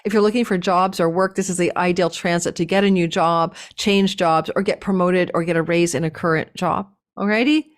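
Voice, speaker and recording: A woman giving a casual astrology forecast, talking with a lively up-and-down cadence and chatty asides. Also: on the low side, a little fast, few pauses.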